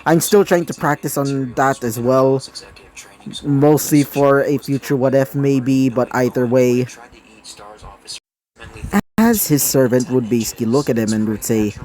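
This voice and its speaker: A man's voice: medium pitch, unhurried, darkish tone. A man narrating his own fan story, rambling with many fillers and self-corrections.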